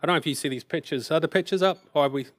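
A man in his fifties from England gives a sermon-style testimony of his missionary years. His voice sits high for a man. He tells it in a self-deprecating, rambling way, full of asides. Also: very fast. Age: 50s. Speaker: missionary speaker.

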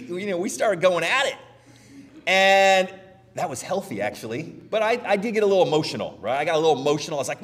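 A middle-aged man preaching a sermon as pastor, conversational and animated, often checking in with "right?". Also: sits high, in a large hall.

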